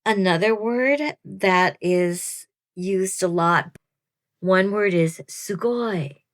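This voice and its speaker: A woman in her fifties, a veteran of the program, talks to camera with casual, chatty advice for newcomers, rambling a little and laughing at herself. Her voice is mid-range and she speaks very slowly.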